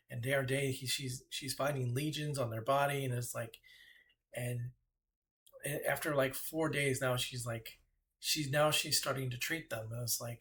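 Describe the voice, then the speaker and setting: A man, an author, casually retelling a story, halting and repeating himself with many fillers. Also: mid-range voice, a bit bright, a little hiss or hum.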